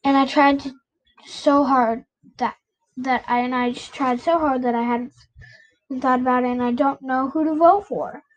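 A woman's voice: high voice, steady tone, moderate pace, muffled recording, lightly acted. A woman reading a nervous, hesitant preteen girl. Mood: worried. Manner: hesitant, trailing off. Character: anxious preteen girl, unsure and thoughtful.

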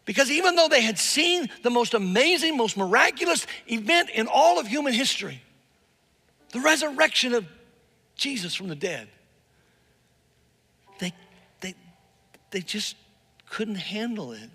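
A man's voice: very high-pitched, sing-song, unhurried, long pauses, bright, forceful tone, slightly rough. A male pastor telling a story in a sermon, often repeating words for emphasis and acting out the people he quotes. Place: church hall with live and online audience. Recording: long reverb in a large hall, faint music.

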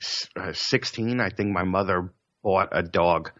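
A man's voice: sits low, unhurried, fairly bright tone, dry recording. A man tells rambling, profane stories in easy conversation, often stammering and starting over. The recording is dull and lo-fi with a dry sound. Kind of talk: casual chat.

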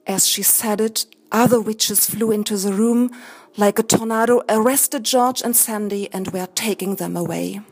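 A woman reading a fairy tale aloud in a slow, careful storytelling manner. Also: mid-range voice, steady tone, darkish tone, husky, low-quality recording. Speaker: narrator.

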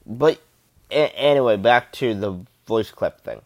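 A man's voice: fairly low pitch, expressive, measured pace, darkish tone, no room sound. A man rambling in casual, enthusiastic fan commentary, gushing and swearing freely.

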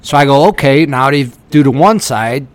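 A man's voice: medium pitch, animated, normal speed, a little hiss or hum. A man co-hosting a podcast in casual chat, talking bluntly and swearing constantly. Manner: blunt and heavily profane. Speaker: podcast co-host.

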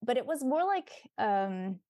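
Young actress guest, chatty and upbeat with many restarts, dry close-miked sound. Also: female voice, a little high, big pitch swings, measured pace, warm tone, no room sound. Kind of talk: casual interview chat.

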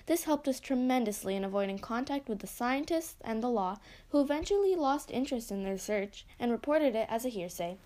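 Woman storyteller, expressive first-person read-aloud, slightly high pitch. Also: a little fast, few pauses.

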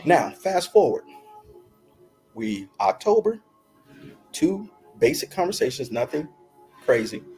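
Animated middle-aged man telling a story. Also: high voice, slow pace, creaky, long pauses, soft background music. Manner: laughs often, animated storyteller acting out quotes. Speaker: podcast guest. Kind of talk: casual storytelling.

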